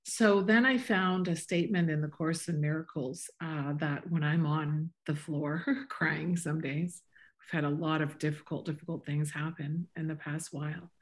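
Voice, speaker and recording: A woman in a heartfelt podcast conversation, sharing spiritual reflections and gently coaching the listener. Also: low-pitched, steady tone, moderate pace.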